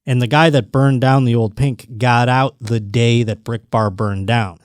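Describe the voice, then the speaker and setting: A man hosting a podcast, telling a rambling, animated story in casual chat. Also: mid-range voice, a little slow, no room sound, studio quality. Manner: rambling, animated storytelling with restarts and quoted voices. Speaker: podcast host.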